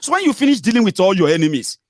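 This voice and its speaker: A man with a Nigerian Yoruba accent hosts a heated political commentary monologue, scolding and mocking his listeners while mixing English, Pidgin, and Yoruba. His voice is high, sing-song, and rapid-fire, recorded at studio quality with no room sound.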